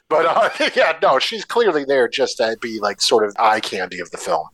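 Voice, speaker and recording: A man's voice: medium pitch, normal speed, few pauses. A man co-hosting a casual movie podcast, sarcastic and swearing freely as he trades opinions. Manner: sarcastic, swears freely, lively mock impressions. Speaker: podcast co-host. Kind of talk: casual movie review chat.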